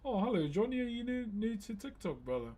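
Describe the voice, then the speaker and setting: A man's voice: sits high, very animated, fairly quick, warm tone. A man with a New Zealand accent hosting a live stream, chatting casually and thanking viewers by name in a friendly, slangy way. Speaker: livestream host.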